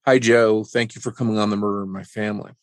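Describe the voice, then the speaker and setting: A man hosting a podcast interview and asking gentle, sympathetic questions. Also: on the low side, steady tone, fast, no echo, studio quality. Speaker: podcast host.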